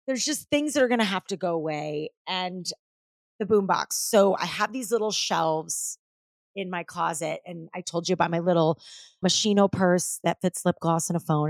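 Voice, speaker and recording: A woman's voice: medium pitch, no echo, studio quality. A middle-aged woman hosting a podcast, talking casually and animatedly, full of "like"s and swearing, acting out other people's lines. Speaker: podcast host. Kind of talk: casual solo podcast monologue.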